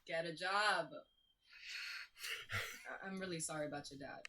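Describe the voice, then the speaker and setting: An actor playing a blunt, level-headed young woman who talks in a calm, matter-of-fact way during a stage play reading. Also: low-pitched, a little slow, a little hiss or hum, rough recording.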